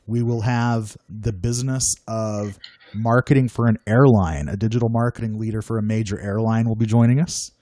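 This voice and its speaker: A man hosting a casual talk show in an upbeat, joking way. His voice sits a little low. The sound is dry and close, with little room around it. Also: fairly even intonation, normal speed, mellow, no room sound. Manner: upbeat, joking, self-deprecating. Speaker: podcast host. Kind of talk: casual chat.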